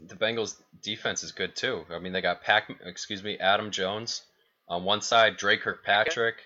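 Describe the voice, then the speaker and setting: A man's voice: fairly low pitch, fairly even intonation, moderate pace, bright, forceful tone. A man co-hosting a sports podcast in casual, opinionated chat, running through team stats. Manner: chatty, opinionated, rattles off stats. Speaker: podcast co-host. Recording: dull lo-fi podcast audio.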